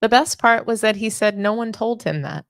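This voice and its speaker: A woman's voice: on the high side, moderate pace, gravelly, no echo, clean studio sound. A young adult woman hosting a sports show, delivering opinionated commentary with indignant, sarcastic rhetorical questions.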